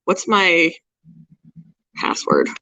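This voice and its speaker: Pet lady chatting slow on her stream, coos at her critters, muffled dry audio. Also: fairly low pitch, huge pitch swings, pushed and bright, no room sound. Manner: chatty, talks sweetly to her small pets between remarks. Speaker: pet channel host. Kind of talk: casual live-stream chat.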